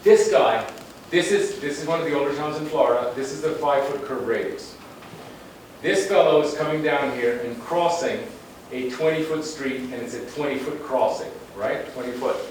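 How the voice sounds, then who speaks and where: Frequent restarts mark this man's slide presentation on town planning, given as a guest lecturer on urban planning in an emphatic, conversational manner with blunt asides. He speaks at medium pitch and a moderate pace; a distant mic captures lots of echo and faint noise.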